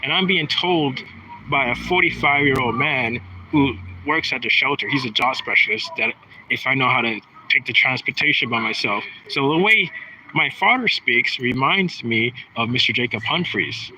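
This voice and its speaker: A man's voice: medium pitch, moderate pace, bright, forceful tone, slight background noise, low-quality recording. Aggrieved rambling man in his thirties. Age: 30s. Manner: rambling, aggrieved, many restarts. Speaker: vlogger. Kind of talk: casual monologue.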